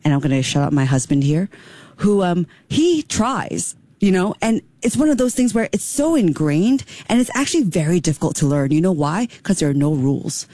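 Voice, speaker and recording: A woman's voice: fairly low pitch, very animated, normal speed, warm tone, no room sound. A woman from Singapore, hosting a podcast in a chatty, enthusiastic manner. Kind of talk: casual podcast conversation.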